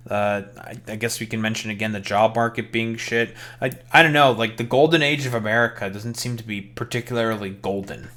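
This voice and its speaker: Streamer type, young man, lowish voice, heated profane rant, casual commentary. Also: brisk, hardly any pauses, fairly bright tone. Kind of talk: reacting to a press conference, casual rant.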